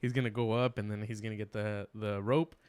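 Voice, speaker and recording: बीस-पच्चीस साल का एक आदमी, पॉडकास्ट मेहमान, हँसते हुए अनौपचारिक अंदाज़ में किस्सा सुनाता।. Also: male voice, fairly low pitch, brisk, clean tone, no echo. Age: 20s. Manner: laughs often, lively retelling. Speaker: podcast guest. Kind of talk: casual chat.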